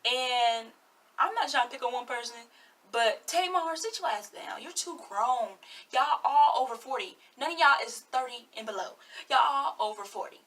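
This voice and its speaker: A woman's voice: high-pitched, measured pace, long pauses, a bit bright, far from the mic. An eighteen-year-old woman giving sassy, blunt, chatty commentary on a reality show in her vlog. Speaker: vlogger.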